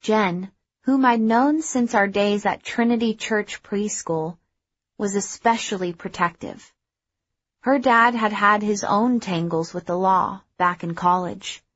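A woman narrating a first-person story in a measured, even way. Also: medium pitch, no echo, muffled recording. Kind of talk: audiobook narration.

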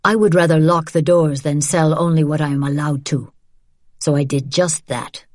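A woman voicing a weary, bitter middle-aged father who speaks in flat, guarded tones. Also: sits low, normal speed, dry recording, clean studio sound.

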